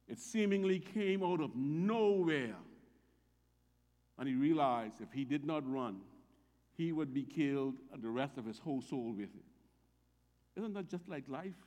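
A man's voice: mid-range voice, darkish tone, in a large hall. A man preaching a sermon as pastor, reading scripture aloud with emphatic rises on the quoted lines.

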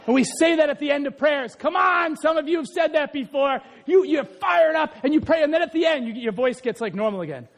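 A male preacher delivers his sermon in a very high, animated voice. He often breaks into shouts, then drops to quiet asides and keeps checking in with the congregation. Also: normal speed. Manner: keeps asking the congregation "right?".

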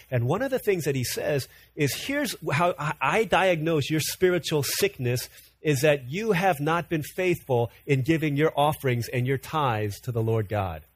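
A man in his thirties, a pastor preaching an earnest, conversational sermon full of personal stories. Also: mid-range voice.

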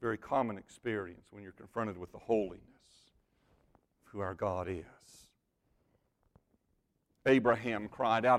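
A man preaching a sermon who addresses his congregation directly. He drops to hushed, near-whispered lines and then rises into loud, emphatic bursts, with a middle-pitched voice throughout. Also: animated, moderate pace. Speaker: pastor.

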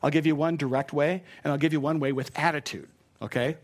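A man's voice: a little high, fairly even intonation, fast. A man preaching a sermon in a conversational, self-deprecating way, often repeating his key phrases.

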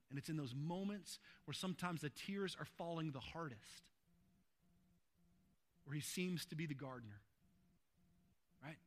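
In this sermon, a man serving as pastor alternates quiet, unhurried phrases with loud bursts of fervor, speaking at a fairly high pitch.

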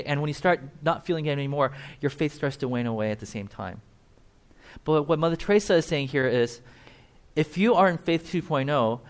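A man preaching a conversational sermon, acting out quoted voices as he talks. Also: fairly high pitch. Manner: conversational, animated, acts out quotes. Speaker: pastor.

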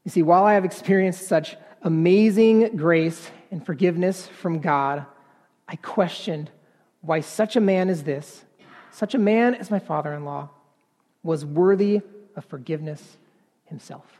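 A man preaching a sermon in an earnest, halting way, repeating words and then building to emphatic passages. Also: sits high, darkish tone, big-room sound.

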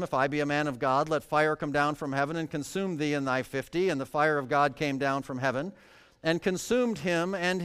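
A man preaching a sermon with a smooth, resonant voice set slightly high. He reads scripture in a formal cadence and then breaks off into wry, joking asides to his listeners. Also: a bit bright, in a large hall. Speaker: pastor.

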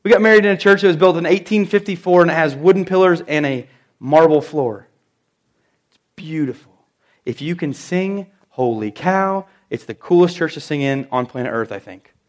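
A middle-aged man preaching a sermon in church, telling stories and stressing key phrases with slow, emphatic repeats. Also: on the high side. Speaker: pastor.

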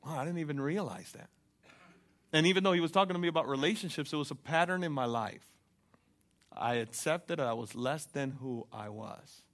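Young guy preaching hard, kinda high bright voice, keeps asking the crowd "are you with me". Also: a little fast. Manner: fervent, rising to loud preaching; asks the congregation for responses. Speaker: pastor. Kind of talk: sermon.

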